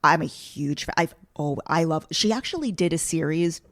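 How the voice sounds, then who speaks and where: A woman's voice: deep voice, lively intonation, moderate pace, no echo. Chatty woman hosting a podcast. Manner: chatty, candid, loose phrasing. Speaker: podcast host. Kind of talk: casual podcast chat.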